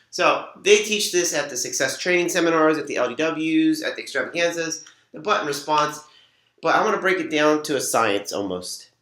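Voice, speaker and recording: A man's voice: on the high side, pushed and bright. Upbeat man coaching in an echoey room. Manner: upbeat, coaching, acts out sample dialogues. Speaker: host and weight-loss coach. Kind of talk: instructional talk to camera.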